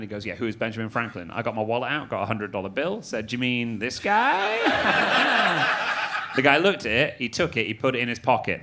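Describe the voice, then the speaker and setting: On a comedy club stage, a man in his thirties from Manchester works the crowd with a dry, sardonic stand-up routine in his Mancunian accent. He speaks in a mid-range voice, buried in heavy noise as the audience laughs loudly and applauds.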